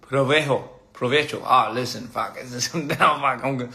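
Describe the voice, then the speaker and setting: A man's voice: medium pitch, moderate pace, vocal fry, bright, forceful tone. A young man on a casual phone livestream, playfully stumbling over foreign phrases while he eats. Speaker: livestream host. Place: indoors at a meal.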